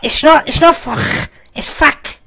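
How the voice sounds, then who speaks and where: A woman's voice: fairly high pitch, animated, a little fast, a bit bright. Crude mocking Welsh woman. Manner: crude, mocking, rambling insults. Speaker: online game chat prankster. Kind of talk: trash-talking voice chat.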